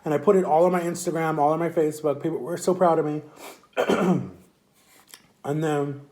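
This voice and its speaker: A young man with a slightly high voice tells a long personal story straight to camera. He rambles, repeats phrases and acts out what others said with lively, casual energy. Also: normal speed. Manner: rambling, repetitive, animated retelling. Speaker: vlogger.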